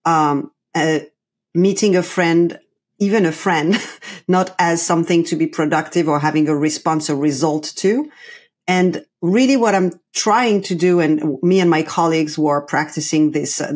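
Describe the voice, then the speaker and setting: Brief: middle-aged French woman, husky, lower pitch, animated podcast guest. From France. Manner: lively, laughs often, acts out imagined quotes. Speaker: guest, play coach and company founder. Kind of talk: conversational podcast interview. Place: New York.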